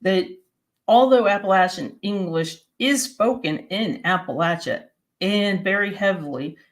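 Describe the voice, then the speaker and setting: Woman presenting in a steady teaching manner. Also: medium pitch, measured pace. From Maryland and West Virginia, USA. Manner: steady, plain-spoken teaching delivery. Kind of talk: explanatory presentation.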